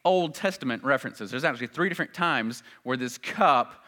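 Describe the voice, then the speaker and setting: A male preacher delivering a sermon with a bright, forceful tone. He speaks earnestly, and his voice rises loud and high when he stresses a point. His pitch sits in an average range for a man. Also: expressive, a little fast. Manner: earnest, swells loud and high at emphatic moments.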